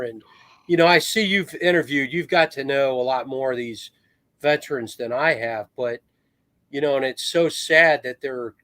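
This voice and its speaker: A middle-aged American man, a retired Marine officer, telling anecdotes as a podcast guest with lively swings in his voice. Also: medium pitch, no echo. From United States. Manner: animated storyteller, swings into raised voice.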